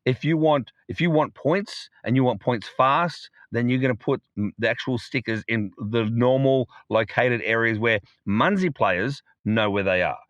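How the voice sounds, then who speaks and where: A man co-hosting a casual podcast, upbeat and chatty, laughing often, with a voice that is getting hoarse. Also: medium pitch, normal speed, few pauses, fairly bright tone, no room sound, lo-fi sound. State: losing his voice. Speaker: podcast co-host.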